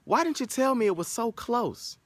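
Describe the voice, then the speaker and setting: A man voicing a frustrated older man stuck waiting for a cab, speaking slowly and indignantly. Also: very high-pitched, expressive, no echo, voice pushed up. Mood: bewildered. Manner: drawn-out indignant yelling. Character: frustrated stranded old man.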